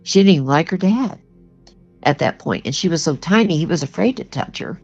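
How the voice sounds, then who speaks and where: A woman's voice: on the low side, animated, fairly quick, darkish tone, slightly rough. An older woman telling a personal story as a guest, earnest and plainspoken, with lots of "you know" in her talk. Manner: earnest, plainspoken, conversational with many you-knows. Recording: dull lo-fi sound with faint music.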